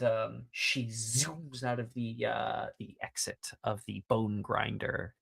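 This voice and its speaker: Rambly gm narrating a tabletop game, lots of ums, slow talker. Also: medium pitch, vocal fry. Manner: rambling with many fillers and swearing. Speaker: game master.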